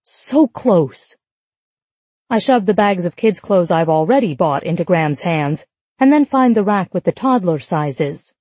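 A woman's voice: on the low side, animated, normal speed, a little mellow, no room sound. A woman narrating a first-person romance audiobook in an intimate, lightly amused tone.

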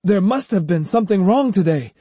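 A man's voice: sits high, expressive, fairly quick, mellow, husky, dry recording, pitched above the performer's own voice. A man voicing a loyal sword student who insists earnestly to his master, in an audiobook reading. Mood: insistent.

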